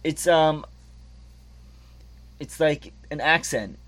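A young man co-hosting a podcast, interjecting quick jokes in casual chat. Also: a little high, a loud crowd. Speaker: podcast co-host.

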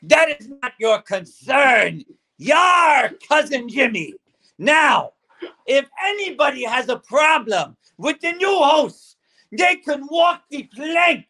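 A grandiose pirate captain bellows his claims, as a man acts him out in a high, bright voice. He draws his words out slowly and shouts them. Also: very animated, exaggerated voice. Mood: blustering. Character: boastful male pirate captain, gruff and grandiose. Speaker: podcast co-host.

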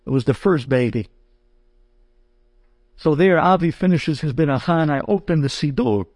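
High-pitched guy, a rabbi telling a funny story, does all the voices, dry close sound. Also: moderate pace, no room sound. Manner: animated, acts out the voices of the people in his story. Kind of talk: humorous anecdote told to an audience.

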